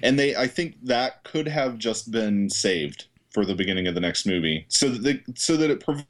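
A man co-hosting a casual movie review podcast, talking things through calmly with some swearing. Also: fairly low pitch, normal speed. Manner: relaxed, analytical with some swearing. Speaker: podcast co-host.

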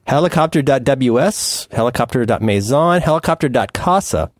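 A man's voice: medium pitch, very animated, brisk, no room sound, studio quality. A man co-hosting a podcast in casual chat, playful and riffing, dropping into silly voices now and then. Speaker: podcast co-host.

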